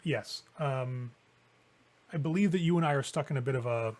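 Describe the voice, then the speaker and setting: A man's voice: medium pitch, darkish tone, natural voice. Man voicing Sierra, a cool, poised vampire woman. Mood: cool polite. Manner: polite, measured and cool.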